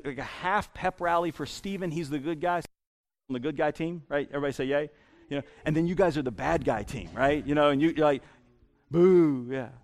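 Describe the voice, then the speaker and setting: A male pastor preaching a sermon in an animated way, repeating words as he builds each point. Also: sits high, vocal fry.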